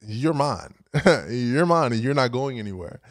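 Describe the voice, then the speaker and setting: A man's voice: mid-range voice, animated, measured pace, dry recording, pitched below the performer's own voice, lightly acted. A man putting on a sassy, lovestruck woman who has made up her mind that her crush is hers. The delivery is bold and possessive, and the sound is dry and close. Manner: sassy, confident.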